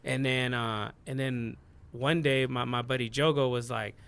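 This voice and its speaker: A man's voice: mid-range voice, steady tone, measured pace, a bit bright, clean tone. A man in his thirties, a DJ guest on a podcast, telling his story in an earnest, rambling way full of "like" and "you know what I mean.". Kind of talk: casual storytelling interview.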